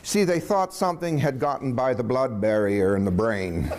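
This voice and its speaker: A man with a medium-pitched voice shares a personal anecdote in a relaxed, animated style. He chuckles throughout and does voices for each person he quotes.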